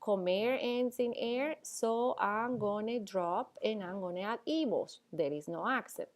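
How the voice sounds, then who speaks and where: Patient woman teaching, checking in often. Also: mid-range voice. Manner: explains slowly with frequent "okay?" and "all right?" checks. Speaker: Spanish teacher. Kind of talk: classroom lecture.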